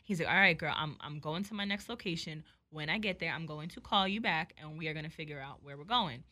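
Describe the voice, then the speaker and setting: A young woman telling a story in casual chat, animated and profane, acting out both sides of the dialogue. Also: sits low, quick pace.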